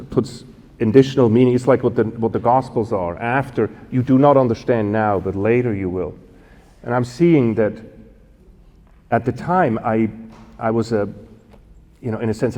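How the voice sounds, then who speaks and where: A man in his fifties from Switzerland, telling a personal story as a guest speaker, halting and correcting himself with many fillers. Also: mid-range voice, dark tone. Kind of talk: storytelling talk. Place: church event hall. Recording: long hall reverb.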